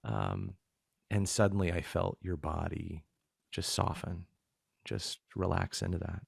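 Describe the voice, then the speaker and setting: Deep gravelly-voiced man, measured. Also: big pitch swings, no room sound, studio quality. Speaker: podcast guest. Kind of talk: casual chat.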